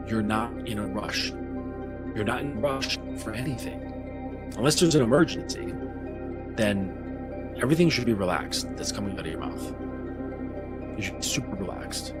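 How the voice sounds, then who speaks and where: A lowish male voice delivering a coaching talk in a slow, measured way, blunt and peppered with casual swearing. Soft new-age music plays clearly in the background. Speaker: men's coach.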